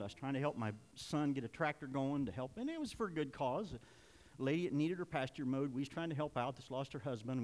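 An older man, a pastor, preaches a sermon in a church sanctuary, his medium-pitched, darkish voice carrying with a big-room sound. His delivery is folksy and confessional, building up to emphatic points.

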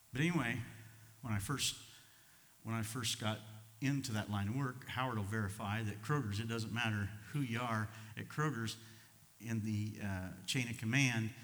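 An older man preaching a sermon, telling personal stories in a folksy, impulsive way that swings from soft to loud. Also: medium pitch, in a large hall. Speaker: pastor.

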